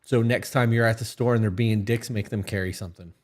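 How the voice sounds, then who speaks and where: A man's voice: on the low side, steady tone, quick pace, a little mellow. A man co-hosting a podcast, giving blunt advice in casual chat and swearing freely. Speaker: podcast co-host.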